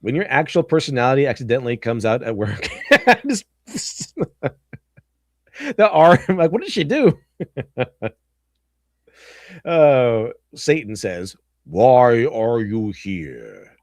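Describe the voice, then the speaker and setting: A man's voice: medium pitch, big pitch swings, slow pace, pauses often, no room sound, clean studio sound. A man hosting a casual livestream, reading memes aloud, laughing often and slipping into silly voices. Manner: giggly, goofy, slips into silly voices. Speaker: stream host.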